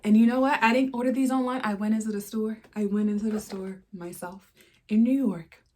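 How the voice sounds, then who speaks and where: Chatty, excitable young woman vlogger. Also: medium pitch, fairly quick, a little hiss or hum. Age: 20s. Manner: chatty and excitable, full of "like" and playful asides. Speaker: fashion vlogger. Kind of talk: casual unboxing chat.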